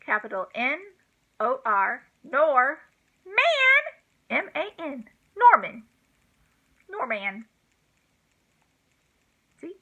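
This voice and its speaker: A woman's voice: high-pitched, expressive, takes it slowly, long pauses, sharp tone, highs cut off. An older woman, a grandmother, giving a homeschool vocabulary lesson, spelling words letter by letter in a chatty, self-deprecating way.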